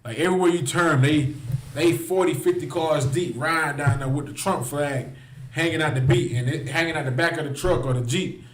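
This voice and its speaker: Male street preacher, fiery and repetitive, voice on the high side, roomy echo. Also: a little fast. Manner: impassioned, repeats phrases, addresses listeners directly. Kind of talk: heated preaching to a livestream.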